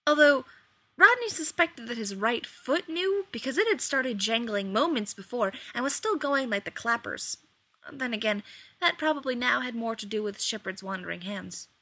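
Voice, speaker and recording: A woman reading a story aloud in an expressive, lively way. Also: a little high, normal speed, dry recording. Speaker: reader. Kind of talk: storybook narration.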